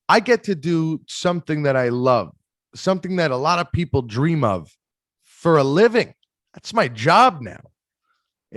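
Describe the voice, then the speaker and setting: A man telling animated stories in a casual interview, acting out other people's voices, with frequent restarts. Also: a little high, dry recording, clean studio sound. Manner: animated storyteller, acts out quoted voices, many restarts. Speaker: interview guest, performer.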